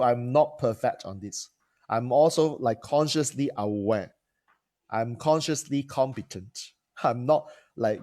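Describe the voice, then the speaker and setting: A male coach and trainer teaches to camera in a mid-range, slightly mellow voice. He often restarts his phrases and likes to pose rhetorical questions.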